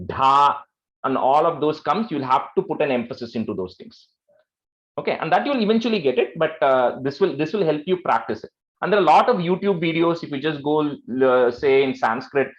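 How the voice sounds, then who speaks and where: A man's voice: fairly high pitch, reverberant, lo-fi sound. A man teaching a class on chanting, patiently repeating syllables and explaining how each sound is emphasized. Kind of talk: online class instruction.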